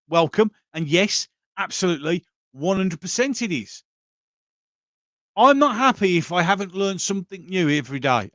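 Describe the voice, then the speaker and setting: A man's voice: high voice, pushed and bright, no echo, studio quality. A middle-aged man with a Birmingham accent, hosting a casual livestream chat, blunt and bawdy, often laughing. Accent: Birmingham (Brummie). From England. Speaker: livestream host reading chat.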